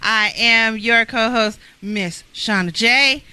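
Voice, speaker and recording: A woman in her thirties co-hosts a laid-back chat show, speaking. Her voice is very bright and sits a little high. She sounds playful and hyper and laughs often. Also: slow, clear, resonant tone. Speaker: co-host. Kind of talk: casual podcast chat.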